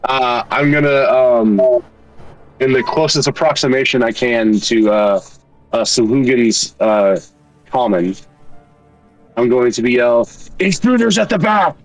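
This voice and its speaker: A man's voice: medium pitch, fairly even intonation, a little slow, long pauses, soft background music. A man playing a tabletop game, talking hesitantly as he thinks aloud. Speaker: player. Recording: voice a bit far from the mic.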